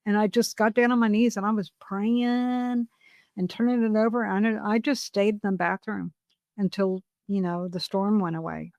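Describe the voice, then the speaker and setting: A woman's voice: mid-range voice, moderate pace, no echo. Middle-aged woman cohost, open and confessional, acts out her quotes, dry close sound. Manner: open, confessional storytelling with lively re-enacted quotes. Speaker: podcast co-host. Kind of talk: candid casual chat.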